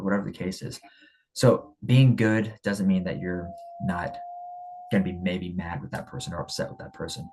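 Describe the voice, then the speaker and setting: Blunt low-voiced husky man. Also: flat delivery, moderate pace, darkish tone, rough recording. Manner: blunt, emphatic, repeats himself. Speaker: speaker on men's character. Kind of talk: casual motivational talk.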